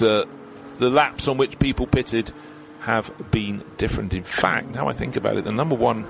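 A man's voice: medium pitch, vocal fry, noisy background. A man commentating on a motor race, explaining strategy in detail with a chatty manner.

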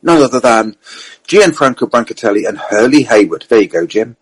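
A middle-aged man in casual chat, telling motor racing anecdotes in animated bursts and quoting the drivers. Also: medium pitch, a little fast, slightly rough, poor audio. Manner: animated storyteller, quotes others in lively bursts. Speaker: podcast guest telling racing stories.

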